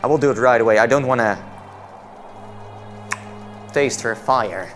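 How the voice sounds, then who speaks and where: A man's voice: medium pitch, a little slow, fairly bright tone, soft background music. A man giving let's-play commentary on a game. He is jumpy and jokey, exclaiming and laughing as he plays. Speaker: VR gameplay commentator.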